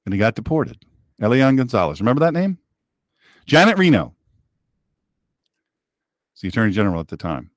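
A man's voice: medium pitch, sing-song, brisk, pauses often, dry recording, studio quality. A man hosting a talk show, giving an opinionated monologue in an emphatic, sarcastic, preachy manner.

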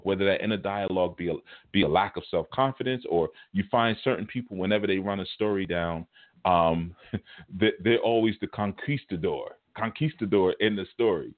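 Low-voiced guy teaching a class, chatty stories, sounds like a phone line. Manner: animated, colloquial, chuckles mid-story. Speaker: spiritual teacher. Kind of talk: casual storytelling lecture. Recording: phone-like narrow band audio.

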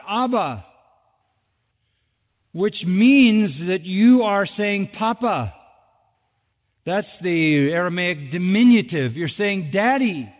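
A man preaching a sermon as a pastor, emphatic and driving points home with repeated phrases. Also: on the high side. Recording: thin phone-like sound with long hall reverb.

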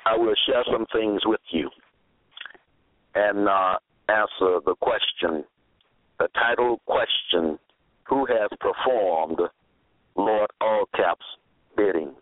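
A man preaching a sermon, quoting scripture deliberately, spelling out words and repeating phrases for emphasis. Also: lowish voice, dry recording. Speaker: religious preacher. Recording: tinny phone-line audio, dry.

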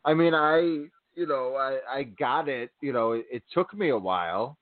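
A man's voice: mid-range voice, lively intonation, normal speed, dry recording. A man co-hosting a podcast in casual chat, rambling and restarting, with lots of fillers. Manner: rambling, many "you know" fillers. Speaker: podcast co-host. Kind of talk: casual chat about wrestling. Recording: tinny phone-like line, dry.

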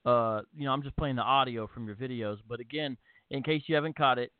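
A man hosts a relaxed call-in talk show, chatting loosely and filling pauses as he goes. His voice is middle-pitched and dry, with no room around it. It comes through a thin, tinny line like a phone call. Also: clean tone, dry recording. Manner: relaxed, conversational, many fillers. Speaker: host. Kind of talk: casual radio show chat.

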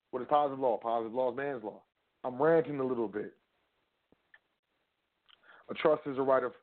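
A man giving a rambling, casual lecture, often asking and answering his own questions and talking straight to the listener. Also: medium pitch. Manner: rambling, rhetorical, talks to the listener directly. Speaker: trust law educator. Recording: phone-like narrow audio.

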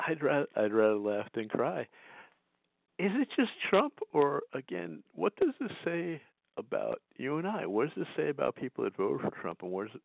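A man hosting a political talk radio show, delivering indignant, sarcastic commentary with frequent restarts and a gravelly voice. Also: mid-range voice, no room sound, narrow, tinny audio.

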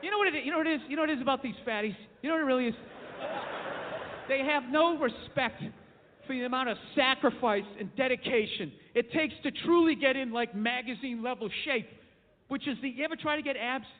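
A man performing a stand-up comedy set, ranting in a brash, profane way that builds to shouting. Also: extremely high pitch, quick pace, a little hiss or hum. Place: comedy club stage. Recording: tinny, phone-like club recording with long reverb.

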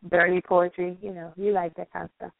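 A woman co-hosting a late-night radio talk show, chatting casually and reading shout-outs. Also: lowish voice, little pitch movement, a little fast, vocal fry, no room sound. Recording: dry phone-line sound.

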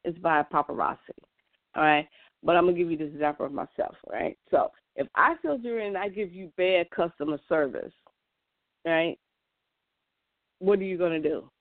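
A woman's voice: on the low side, lively intonation, normal speed, pauses often, no room sound. A woman in a casual monologue, earnest and emphatic, often restarting her sentences. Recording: tinny, dry phone-like sound.

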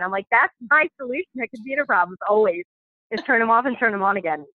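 A woman's voice: mid-range voice, fast talker, dry recording. A woman chatting casually as a podcast guest, rambling with many fillers and restarts. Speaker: podcast guest, stay-at-home mom. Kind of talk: casual chat. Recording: dry tinny phone-like sound.

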